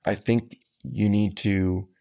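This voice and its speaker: A man, a country musician, answering interview questions in an earnest, folksy, measured way. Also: on the low side, mellow.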